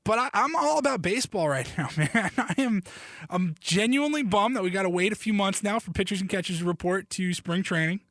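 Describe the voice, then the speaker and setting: A man talking on his solo sports podcast in a bright, high-pitched voice. He rambles in a joking, animated way, drops the odd curse and keeps cutting himself off to restart. The recording is close and dry, with no room sound. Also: fairly quick, dry recording. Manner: animated, joking, loose and profane; self-interrupting, restarts sentences. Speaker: podcast host.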